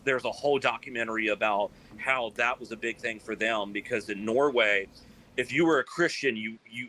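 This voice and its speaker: Lively man telling stories. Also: mid-range voice, poor audio. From South Carolina. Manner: animated, acts out quoted voices, many fillers. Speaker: guest, band frontman. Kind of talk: casual interview storytelling.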